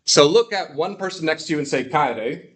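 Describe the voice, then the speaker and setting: A man teaching a classroom, drawing out phrases slowly for the class to repeat. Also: on the high side, expressive, a bit bright, a little hiss or hum. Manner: slow, drawn-out model phrases for repeating. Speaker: Greek teacher.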